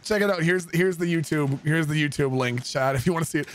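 A male streamer chatting casually with his viewers, excitable and swearing freely. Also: a little high, fast. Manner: excitable, swearing, laughing often.

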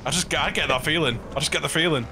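A man's voice: fairly high pitch, fast talker, background noise. A man cracking dry, crude jokes in casual banter while gaming with friends. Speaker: gamer. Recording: loud game music underneath.

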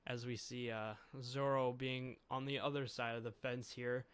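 A man's voice: mid-range voice, little pitch movement, moderate pace, a bit bright, clear, resonant tone. A man casually recapping a comic chapter, chuckling often and restarting his sentences.

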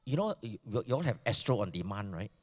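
Animated Malaysian preacher in an echoing hall. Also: male voice, lowish voice, brisk. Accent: Malaysian English. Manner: animated preaching, swinging from loud emphasis to hushed near-whispers. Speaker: pastor. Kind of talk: sermon. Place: large church hall. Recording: church hall reverb.

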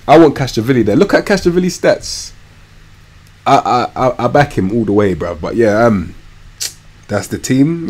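Slangy young man streaming a game. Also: on the low side. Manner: slangy, animated, swings from mumbled asides to loud outbursts. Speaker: gaming streamer. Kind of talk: live gameplay commentary.

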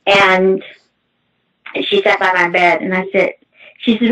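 A middle-aged woman giving a halting, emotional personal testimony as a guest, with many restarts. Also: medium pitch, steady tone, fairly bright tone. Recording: muffled distant mic.

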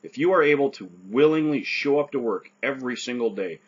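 Husky man giving earnest advice. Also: mid-range voice, animated, a little fast, muffled recording. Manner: earnest, repeats "right?" often. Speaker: stroke survivor giving advice. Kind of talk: casual advice talk.

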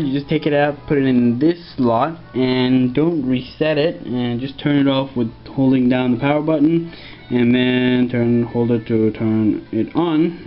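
A man walking through a casual tech tutorial, rambling and joking, sometimes putting on mock voices for what the computer says. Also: mid-range voice. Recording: dull lo-fi home recording with faint music.

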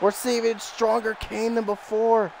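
A man streaming a wrestling video game live, shouting and swearing excitedly at the action while losing his voice. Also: high-pitched, normal speed, a little hiss or hum, poor audio. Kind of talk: excited live gameplay commentary.

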